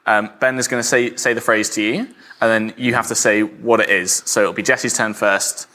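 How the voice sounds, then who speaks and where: A man's voice: lowish voice, steady tone, normal speed, sharp tone. A man co-hosting a casual podcast chat, laughing often and stumbling over his words. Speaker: podcast co-host.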